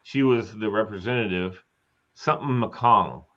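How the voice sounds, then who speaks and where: A man's voice: fairly low pitch, moderate pace, fairly bright tone. A man hosting a casual live chat, telling rambling stories and acting out quotes. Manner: rambling storyteller, chatty, acts out quotes. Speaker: host. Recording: slightly dull lo-fi sound.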